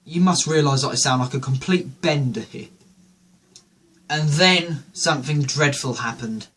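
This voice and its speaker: A man's voice: fairly high pitch, a little slow, fairly bright tone, husky. A man hosting a show, telling a rambling, jokey comedic monologue. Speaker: host.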